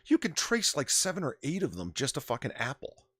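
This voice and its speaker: A man's voice: a little high, wildly swooping pitch, fairly quick, pushed and bright, slightly rough, no echo. A man hosting a casual livestream chat, ranting animatedly and swearing freely into his desk microphone. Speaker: podcast host.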